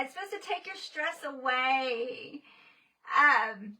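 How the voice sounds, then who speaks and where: A woman's voice: sits high, expressive, slow, bright, forceful tone, distant mic, poor audio. A woman painting on a live stream, chatting casually with viewers and laughing often.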